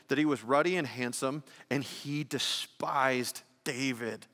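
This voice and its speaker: A male pastor preaching an animated sermon, swinging between loud exclamations and hushed emphasis. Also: medium pitch, measured pace, few pauses. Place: church sanctuary. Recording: long reverb of a church hall.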